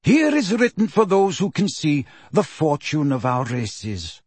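A man reading a calm, aloof male centaur teacher in a slow, measured voice for an audiobook. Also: on the high side, husky, no room sound, full character voice. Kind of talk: audiobook character voice.

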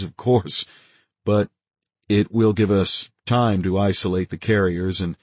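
A man's voice: fairly low pitch, breathy edge, dry recording. A man voicing an awkward, nervous male scientist who talks in an offhand way.

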